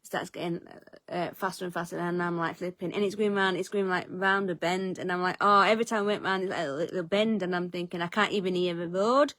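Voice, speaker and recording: A woman's voice: lowish voice, steady tone, quick pace, a bit bright, dry recording. A woman telling a story as a vlogger in casual chat, self-mocking and swearing freely. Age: adult, eldest of three siblings.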